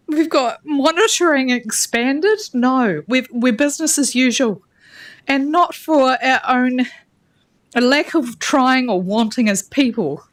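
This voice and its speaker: A woman councillor giving an impassioned, blunt council debate speech, emotional and near tears, at a chamber table microphone. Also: high-pitched. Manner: impassioned and blunt, with plain swearing. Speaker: regional councillor.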